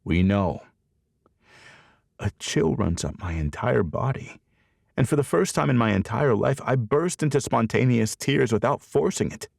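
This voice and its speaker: A man narrating a romance audiobook in the first person, expressive and storytelling, on a close studio mic. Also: mid-range voice, normal speed, gravelly, dry recording.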